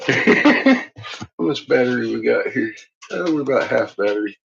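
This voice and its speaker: A man chats casually on his vlog, telling animated stories full of laughter and swearing. His voice sits at an ordinary pitch but swings up and down a lot. The recording is muffled and lo-fi, with a faint hiss behind him. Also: measured pace, gravelly. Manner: laughing, profane, animated storytelling. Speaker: vlogger. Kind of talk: casual chat. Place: workshop with a kiln.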